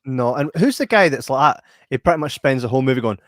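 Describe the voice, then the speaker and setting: A man, co-hosting a podcast in casual film review chat, animated and acting out lines. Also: mid-range voice, quick pace, no room sound, clean studio sound. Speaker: podcast co-host.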